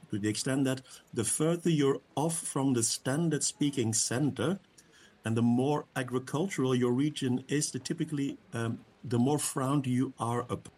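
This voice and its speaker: Panel guest, man with Flemish accent, native Dutch, husky, wry and deliberate. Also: mid-range voice, a little mellow. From Flanders, Belgium.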